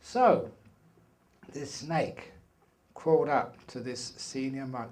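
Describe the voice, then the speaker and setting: A middle-aged male meditation teacher giving a dharma talk to a retreat group, telling his stories with animation and humor. His voice is mellow and warm. He sounds distant from the microphone in a reverberant hall. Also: medium pitch, slow. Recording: echoey hall, from far off.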